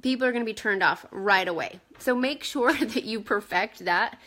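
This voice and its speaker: A woman leading a sales team, talking casually at home while coaching, energetic and chatty, often checking in with her listeners. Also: mid-range voice, moderate pace. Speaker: direct sales team leader. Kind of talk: casual coaching talk to camera.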